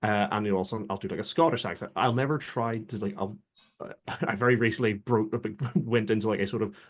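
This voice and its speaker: A man's voice: on the low side, a little fast. A man, a guest who is a professional dungeon master, chatting casually in a rambling, self-deprecating way with lots of fillers. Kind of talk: casual chat.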